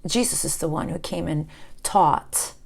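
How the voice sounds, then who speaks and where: A woman's voice: low voice, measured pace, gravelly. Impassioned woman giving a spiritual reading. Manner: impassioned, swinging from loud outbursts to hushed near-whispers. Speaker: tarot reader. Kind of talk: spiritual tarot reading to camera.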